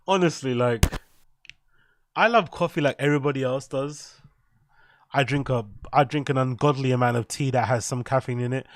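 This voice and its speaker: Crude english guy streaming live, reacting and giving shoutouts, dry sound. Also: medium pitch, fairly even intonation, normal speed, no echo. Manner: crude, joking, shout-outs to chat.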